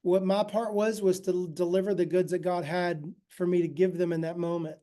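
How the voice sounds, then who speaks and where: A man's voice: high voice, little pitch movement, brisk, mellow. A man giving a casual, conversational ministry talk, often checking in with his listeners. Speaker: ministry teacher.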